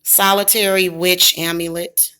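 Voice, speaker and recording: Bright-voiced Southern-accented woman livestreaming. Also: lowish voice, level tone, unhurried. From American Midwest. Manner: rambling, talks to chat viewers. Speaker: livestream host. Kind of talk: casual livestream chat. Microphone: device camera.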